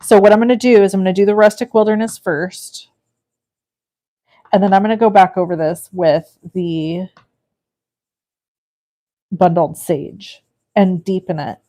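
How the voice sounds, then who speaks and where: A woman from California hosts a live card-making stream, chatting casually, thinking aloud as she works and reading viewer comments. Her medium-pitched voice is warm with fairly even intonation, a little slow, with long pauses.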